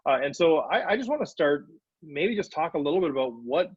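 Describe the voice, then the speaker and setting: Husky-voiced male podcast host. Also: fairly high pitch, expressive, fairly quick, dry recording. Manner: friendly, with many "uh" fillers. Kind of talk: podcast interview. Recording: dry, dull, lo-fi recording.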